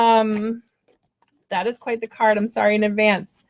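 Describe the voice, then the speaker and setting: A woman's voice: mid-range voice, flat delivery, unhurried, dull audio. Giggly rambling woman reading cards. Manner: giggly, apologetic, rambling with many fillers. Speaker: card reader on a live stream. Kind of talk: casual live-stream chat.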